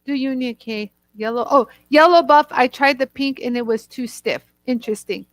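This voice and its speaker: A woman hosting a live product show, chatting warmly and talking straight to viewers in the chat. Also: high voice, moderate pace, no echo.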